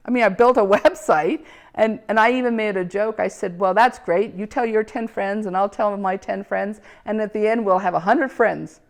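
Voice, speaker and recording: Woman, gravelly, animated storyteller who plays out the dialogue. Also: mid-range voice, normal speed. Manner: animated, acts out quoted dialogue, frequent laughs. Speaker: speaker telling her own story. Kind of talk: casual personal storytelling.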